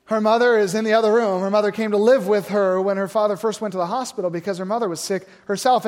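A man delivers a sermon from the pulpit, moving between scripture reading and an animated, casual story. His voice sits high for a man. A long hall reverb trails every phrase. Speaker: pastor.

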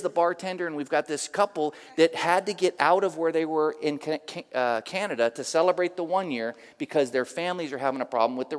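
Notably high-voiced for a man, a middle-aged pastor from the San Francisco area, USA, weaves lively personal stories into his sermon with an animated, emphatic delivery. The recording carries a church sanctuary's long reverb.

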